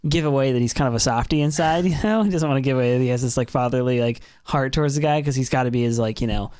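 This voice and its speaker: A man's voice: mid-range voice, rapid-fire, a little mellow, clean tone, no echo. A man co-hosting a podcast in loose, joking casual chat. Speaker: podcast co-host.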